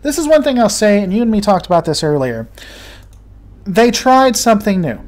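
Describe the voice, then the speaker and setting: A high-pitched man talks loosely as he hosts a game stream. He reads out viewer comments and jokes around as he plays. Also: very animated, moderate pace. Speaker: livestream host. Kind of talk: casual chat while gaming.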